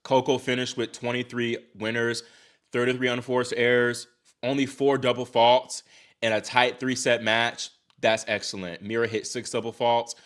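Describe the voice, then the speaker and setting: A young man from Virginia hosting a casual live stream, chatting excitedly with viewers, sighing and exclaiming as he reacts. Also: mid-range voice, moderate pace. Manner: excitable, talks to chat, sighs and exclaims. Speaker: livestream host reacting to tennis.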